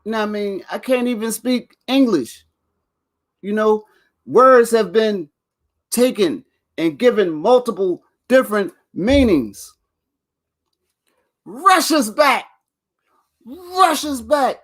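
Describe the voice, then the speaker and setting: A man's voice: high-pitched, a little slow. A man hosting his own video channel, rambling and swearing as he talks straight to viewers and laughs between lines. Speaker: vlog host. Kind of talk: casual rant to camera.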